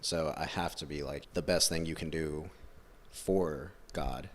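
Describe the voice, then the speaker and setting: A man's voice: extremely low pitch, fairly even intonation, unhurried. A young man in casual podcast conversation, laid-back and slangy, saying "bro" and "dude".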